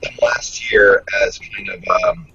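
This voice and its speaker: A man with a nasal voice co-hosting a casual online chat show, chatty and sometimes dropping into soft near-whispers. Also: a little slow, highs cut off. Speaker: co-host. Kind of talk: casual chat over a video call.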